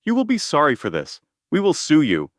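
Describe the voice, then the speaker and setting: A man's voice: huge pitch swings, fairly quick, dry recording, studio quality. Male reader putting on a frantic proud mother-in-law, voice lifted, in a spoken revenge story. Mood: spiteful. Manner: pleading, raised pitch.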